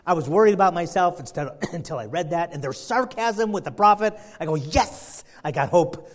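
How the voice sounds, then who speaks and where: A man's voice: high voice, expressive, fast. A man preaching a sermon, retelling a story in a folksy, rambling way. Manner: folksy, storytelling, many fillers and restarts.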